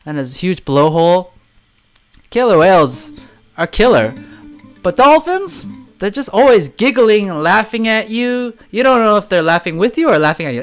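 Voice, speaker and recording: A man's voice: high-pitched, normal speed. A man hosting a casual livestream, reading comments and joking, laughing often as he talks. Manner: animated, laughs often, jokey. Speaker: livestream host and swim teacher.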